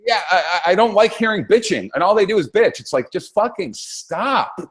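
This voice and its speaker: Foul-mouthed ranting man, lively pitch. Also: moderate pace. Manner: swears constantly, heated and rambling with restarts. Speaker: co-host. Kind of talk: profane political rant.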